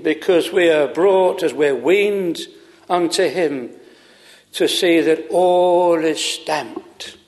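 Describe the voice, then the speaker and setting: A man preaching a sermon from the pulpit, slow and earnest, stretching out words for emphasis. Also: fairly high pitch, in a large hall. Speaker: pastor. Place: chapel.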